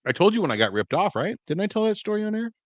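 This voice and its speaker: A man in his forties, a podcast co-host, telling stories casually and acting out quoted lines loudly. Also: high voice, big pitch swings, very fast, no room sound. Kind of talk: casual storytelling chat.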